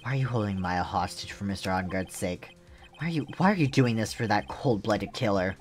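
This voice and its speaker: A man's voice: fairly low pitch, brisk, faint music behind, natural voice. A man voicing a troubled young male defense attorney, earnest and pleading, while reading game dialogue aloud. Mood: anguished.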